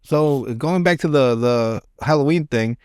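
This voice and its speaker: A man's voice: medium pitch, a little slow, darkish tone, clear, resonant tone, no room sound, clean studio sound. A man hosting a podcast, chatting casually about a movie, rambling with lots of filler words, swearing and laughing often. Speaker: podcast host.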